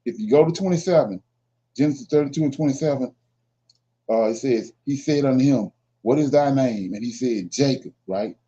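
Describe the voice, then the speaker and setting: Speaking at a moderate pace in a dark, mid-range voice, a man teaches scripture informally. He reads verses and then emphatically explains them, repeatedly asking "right?" The recording sounds dull and lo-fi.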